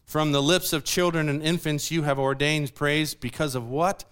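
A man's voice: on the high side, normal speed, hardly any pauses, clean tone. A man preaching a sermon, explaining scripture and putting questions to the congregation. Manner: animated, asks the audience questions.

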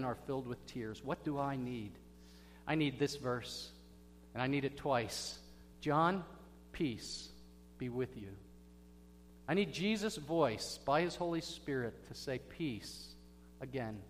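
A man preaching a sermon as pastor, telling stories dramatically and swinging from hushed words to loud bursts. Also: medium pitch. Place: church sanctuary. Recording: echoey hall with faint hum.

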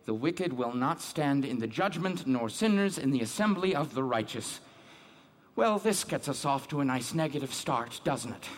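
A man's voice: mid-range voice, lively intonation, moderate pace, close to an everyday voice. An actor playing a devout, troubled man who reads scripture aloud and keeps questioning his own guilt and faith. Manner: questioning, searching, self-doubting. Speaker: man reading scripture alone. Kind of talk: dramatic monologue.

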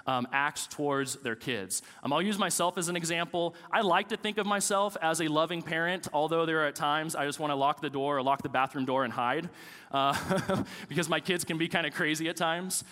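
A man's voice: a little high, fairly bright tone, in a large hall. A man in his thirties, a pastor preaching a sermon with casual, joking stories about family life.

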